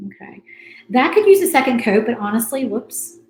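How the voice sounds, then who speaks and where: A woman's voice: fairly high pitch, sing-song, moderate pace, a little mellow. Chatty woman in an echoey room. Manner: chatty, reads viewer comments aloud. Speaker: craft livestream host. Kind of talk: casual chat while painting. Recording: roomy echo.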